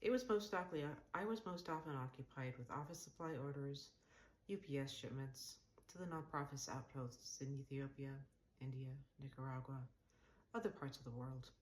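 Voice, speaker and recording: A woman author reading her own novel aloud in a calm, measured, wry narration. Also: rumbling low, rough recording. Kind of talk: audiobook-style fiction reading.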